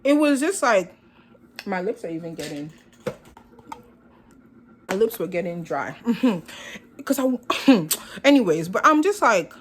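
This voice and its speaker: A woman's voice: medium pitch, breathy edge. A young woman vlogger telling a storytime in a sassy, dramatic way, acting out both sides of the conversation.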